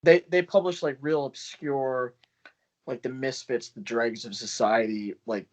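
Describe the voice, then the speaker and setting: Over dull, lo-fi call audio, a man who runs a small press and writes poetry chats casually, cursing and laughing a lot. His mid-range voice stays steady in tone and moves a little slowly.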